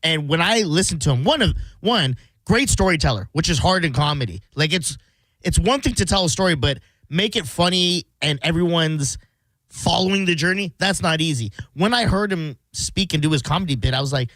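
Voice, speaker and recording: Male co-host, casual reactive chat, fairly high voice, dry studio sound. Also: lively intonation, fairly quick, a bit bright, dry recording. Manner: reactive, laughs along. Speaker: radio co-host. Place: radio studio.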